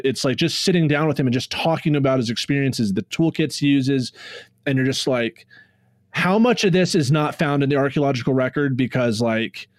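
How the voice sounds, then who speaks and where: Excited man talking in a dry room. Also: mid-range voice, dry recording. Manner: excited storytelling with many fillers. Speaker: podcast co-host; graduate student in archaeology. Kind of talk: casual chat.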